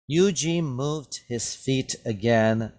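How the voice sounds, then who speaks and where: A man teaching an English vocabulary lesson at a very slow, unhurried pace. His voice sits at an ordinary middle pitch, and he keeps stopping to ask "right?" and "okay?" so that each point lands before he moves on. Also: darkish tone. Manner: slow, patient, checks understanding with "right?" and "okay?".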